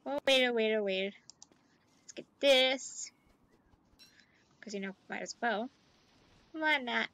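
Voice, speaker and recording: A woman giving chatty let's play commentary, talking to game characters and gushing excitedly. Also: on the high side, takes it slowly, pauses often. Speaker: gaming YouTuber.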